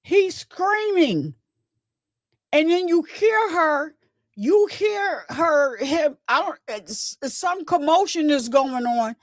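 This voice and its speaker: A woman's voice: high voice, animated, takes it slowly, dry recording. A woman hosting a casual commentary livestream, chatting along and bleeping her own swear words.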